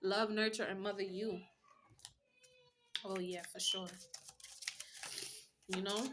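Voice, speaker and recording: A woman's voice: mid-range voice, flat delivery, slow, long pauses, noisy background. A woman giving a casual tarot reading with a blunt, profane pep-talk manner. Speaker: tarot reader.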